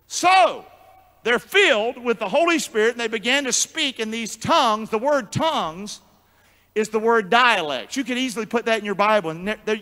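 A male pastor preaching a sermon in call-and-response style, jumping from shouts to low murmurs. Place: church sanctuary. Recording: long church hall reverb.

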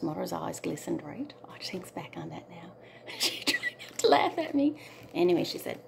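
A woman's voice: sits high, big pitch swings, moderate pace, creaky, darkish tone, slight background noise. A middle-aged woman from Newfoundland with a Newfoundland accent, chatting in a rambling personal way, often dropping to a near whisper and tagging lines with "right?". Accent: Newfoundland English. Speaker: singer-songwriter. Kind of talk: casual personal storytelling.

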